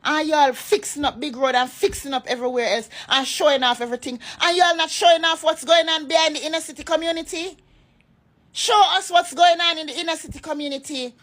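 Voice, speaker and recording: A woman from Jamaica speaks with a high-pitched voice. Her Jamaican accent keeps sliding into raw patois as she rants. She sounds impassioned and emphatic, scolding the people who criticize her. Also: a little fast, a bit bright. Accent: Jamaican, shifting into patois. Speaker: vlogger. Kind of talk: political rant to followers.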